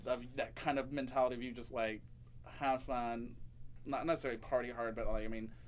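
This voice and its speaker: A male talk show host chats with his guest in a mid-range voice, animated and quick to laugh, dropping playful campy asides. A faint noise hums under the recording. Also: medium pitch. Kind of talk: casual interview chat.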